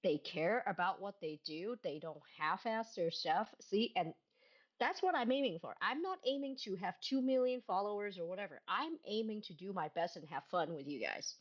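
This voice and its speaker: A woman streamer chatting casually to her viewers, excitable, often gasping and squealing. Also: mid-range voice, normal speed. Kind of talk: casual live-stream chat. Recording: dull lo-fi stream mic.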